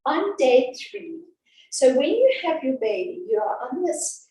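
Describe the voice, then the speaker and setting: Woman teaching a class, down-to-earth and reassuring, a bit high, warm tone. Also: sing-song, measured pace, a little hiss or hum. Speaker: antenatal class educator. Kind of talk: informal class talk. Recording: echoey room from a distance.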